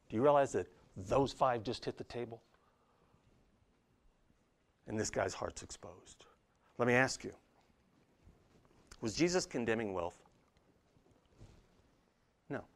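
A man preaching a sermon, putting rhetorical questions to the congregation in an animated way. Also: medium pitch, takes it slowly, creaky, long pauses. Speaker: pastor.

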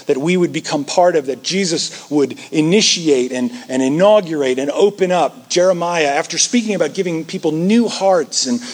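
A man delivers a sermon in a husky, somewhat high voice. He talks to the congregation casually and with energy, slipping into quick impressions of everyday people to land his points. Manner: animated, acts out quoted voices and jokes. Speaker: pastor.

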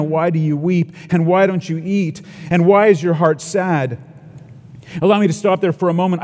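A man's voice: a little high, a little mellow, in a large hall. A man preaching a sermon in an earnest, expository way, asking the congregation rhetorical questions.

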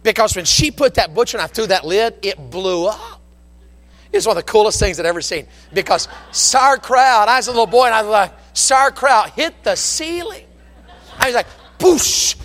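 A man preaching a sermon from the pulpit, telling folksy stories in an animated, down-home way. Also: high voice, normal speed, big-room sound. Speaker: pastor. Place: church sanctuary with long reverb. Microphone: pulpit microphone.

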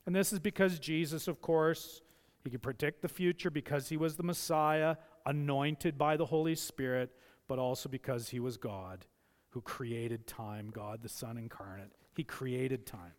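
A man's voice: medium pitch, steady tone, normal speed. A man preaching a sermon as a pastor, impassioned, often acting out the voices he quotes. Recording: long hall reverb.

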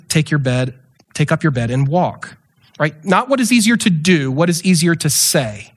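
Animated, higher-voiced male preacher. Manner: conversational, animated, acts out scenes with quick asides. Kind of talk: sermon.

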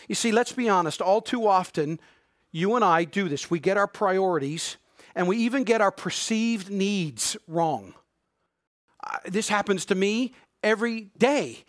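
A middle-aged man preaches a sermon in a fairly high voice, recorded dry and close with no room sound. He swings between loud, emphatic declarations and hushed, pleading lows, and slows right down when he quotes scripture. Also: dry recording. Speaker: pastor.

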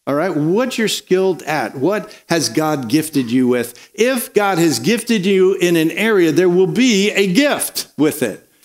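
A man's voice: high voice, sing-song, unhurried, hardly any pauses. A middle-aged male pastor preaching a sermon, emphatic, repeating phrases and calling out to the congregation.

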